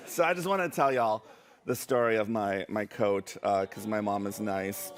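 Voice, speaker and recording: A man's voice: medium pitch, expressive, normal speed, a little hiss or hum. Man, young adult, spoken word poet, playful, laughs as he talks, live storytelling. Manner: playful, self-mocking, laughing through lines. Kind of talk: live comic storytelling and poetry reading.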